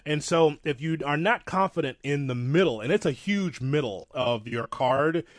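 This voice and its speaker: A man co-hosting a casual wrestling talk show, rambling and self-deprecating, with animated asides. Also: a little high, normal speed, no room sound, studio quality. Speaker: podcast co-host.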